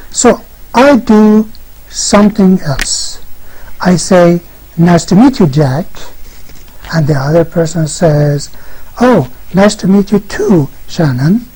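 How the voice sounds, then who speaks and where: An English teacher explaining a textbook lesson slowly and deliberately, reading out example dialogues. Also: mid-range voice, mellow, slightly rough, low-quality recording.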